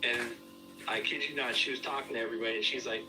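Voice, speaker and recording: A man's voice: mid-range voice, fairly even intonation, fast. Rambling storyteller man, distant mic, music behind. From Southern California. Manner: rambling storyteller, frequent "I kid you not". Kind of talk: casual chat.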